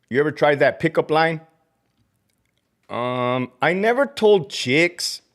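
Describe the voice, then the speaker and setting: A middle-aged man hosting a livestream, ranting about his former job with profanity and Spanish slang while answering chat. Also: a little high. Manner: profane, fired-up, mocking, peppered with Spanish slang. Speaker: livestream host, former corrections officer. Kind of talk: heated livestream rant reading chat comments.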